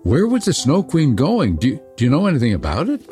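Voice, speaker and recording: A man's voice: medium pitch, wildly swooping pitch, brisk, dark tone, soft background music, pitched above the performer's own voice. A man voicing a frightened little girl who speaks in an anxious, pleading way.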